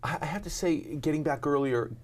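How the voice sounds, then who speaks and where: A man's voice: a little high, a little fast. Rambling self-deprecating man. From New York. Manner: rambling, self-deprecating, many ums and restarts. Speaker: actor and talk show host, guest. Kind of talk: casual interview chat.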